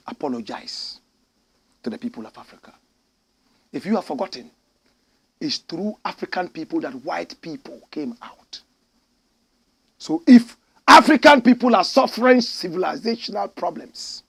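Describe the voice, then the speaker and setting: Ghanaian-accented male host, impassioned preachy rant, gravelly husky voice. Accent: Ghanaian English. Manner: fiery, indignant, preachy, swings from shouting to low intensity. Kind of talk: impassioned commentary.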